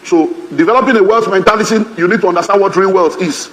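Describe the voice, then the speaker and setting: A man with a Nigerian accent preaching a sermon as pastor, humorous and lively, mimicking other people's voices. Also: high-pitched, fast talker. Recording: reverberant hall, faint ambience.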